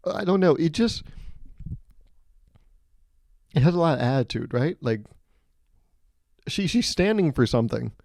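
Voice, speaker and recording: A man hosting a solo comedy podcast, telling animated, self-mocking stories and laughing mid-sentence. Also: fairly high pitch, normal speed, gravelly, dry recording, clean studio sound. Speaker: podcast host.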